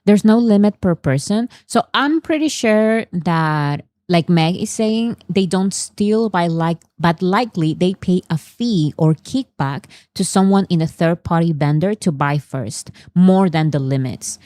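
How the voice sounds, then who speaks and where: A woman's voice: fairly low pitch, lively intonation, a little slow, few pauses, mellow, no echo. A woman hosting a casual commentary, translating fan clips in a chatty way with fillers and restarts. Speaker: host.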